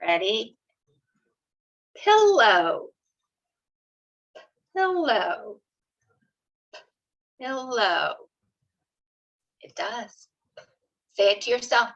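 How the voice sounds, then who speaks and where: A woman teaching young children letter sounds in an online lesson, slow and encouraging, sounding out each letter. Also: a little high, sing-song, fairly bright tone. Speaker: kindergarten teacher. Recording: slightly dull lo-fi video audio.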